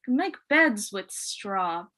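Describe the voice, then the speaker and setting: A woman voicing a lazy, greedy male pig who owns a mattress factory, with a slow, dismissive drawl. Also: medium pitch, very animated, sharp tone, voice pushed down, heavily acted.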